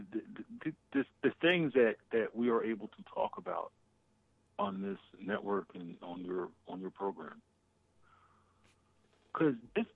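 A man's voice: medium pitch, vocal fry, breathy edge, dry recording. A man calling in as a guest to a casual political talk show, emphatic, swearing and repeating himself. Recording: tinny phone line.

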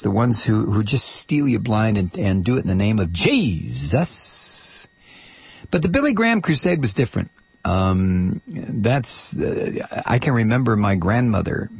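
Gravelly, rambling middle-aged man. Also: on the low side, no room sound. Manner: rambling and blunt, full of uh's and restarts. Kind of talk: casual opinion monologue.

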